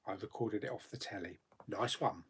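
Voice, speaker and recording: A man's voice: on the low side, moderate pace, husky. A man hosting a casual live chat, reading viewer comments aloud and answering them with frequent laughs. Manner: chatty, laughs often, reads comments aloud then answers. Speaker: YouTube host.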